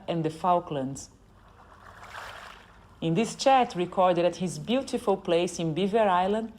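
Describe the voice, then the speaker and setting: A woman's voice: medium pitch, a little mellow, slight background noise. A woman from Brazil hosting a podcast interview, nasal from a cold, speaking with eager enthusiasm. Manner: enthusiastic, repeats words for emphasis. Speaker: podcast host. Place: guest's home on an island.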